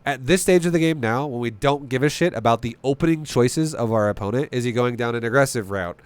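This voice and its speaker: Male game streamer, swears constantly, rapid rhetorical questions, middle pitch. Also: smooth, no echo. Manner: animated, profane, rhetorical questions. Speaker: streamer coaching a strategy game. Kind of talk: live-stream commentary.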